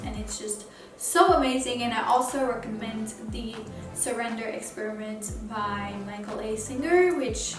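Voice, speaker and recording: An earnest, encouraging woman talking casually to her viewers in a vlog, with a voice pitched a little high. She sits back from the mic in a room that rings with echo, and soft music plays faintly underneath. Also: far from the mic. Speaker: vlogger. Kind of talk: casual motivational vlog talk.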